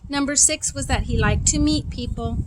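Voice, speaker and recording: A woman reading a children's novel aloud, expressive and acting out the dialogue. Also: high voice, normal speed, noisy background. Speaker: reader.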